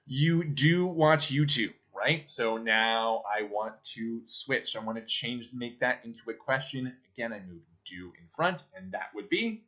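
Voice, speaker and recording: A man's voice: medium pitch, expressive, a little slow, hardly any pauses, sharp tone. A male teacher giving a recorded grammar lesson, explaining patiently step by step and often checking in with the listener.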